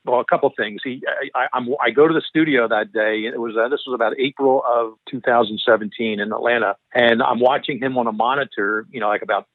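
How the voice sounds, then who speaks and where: A man's voice: medium pitch, fairly even intonation, quick pace, few pauses, no echo. A middle-aged man with a Philadelphia accent, a guest telling long stories in a rambling way, often correcting himself mid-sentence. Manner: rambling, frequent restarts and self-corrections. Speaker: interview guest, former FBI profiler. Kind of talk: long anecdotal storytelling. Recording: tinny phone-line sound, dry.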